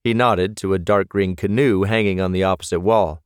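Male audiobook narrator, fairly low voice, close dry read. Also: steady tone, clean tone, dry recording. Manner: measured storytelling.

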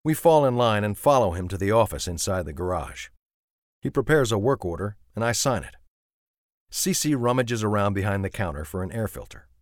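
A man narrating a first-person audiobook in a measured, understated way on a close studio mic. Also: fairly low pitch, lively intonation, no echo.

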